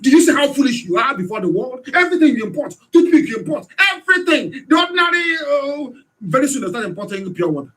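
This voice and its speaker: Fiery, high-pitched Nigerian man. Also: very animated, fast talker, hardly any pauses. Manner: fiery, hectoring, rhetorical questions, sometimes shouting. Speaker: radio broadcaster. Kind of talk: impassioned political radio address.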